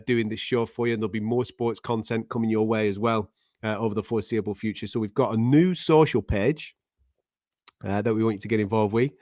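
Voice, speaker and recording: A man's voice: mid-range voice, darkish tone, dry recording, clean studio sound. A man with a Mancunian accent hosting a live show, talking in casual, laddish banter. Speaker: host.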